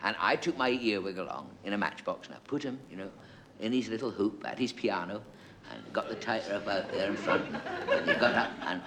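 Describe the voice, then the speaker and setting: A man's voice: on the low side, a little fast, crowd noise. A man with an English accent telling a rambling comic monologue to a studio audience, digressing and chuckling as he goes. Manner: digressive, self-interrupting, chuckling. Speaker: comedian. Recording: loud background hiss, live audience laughter.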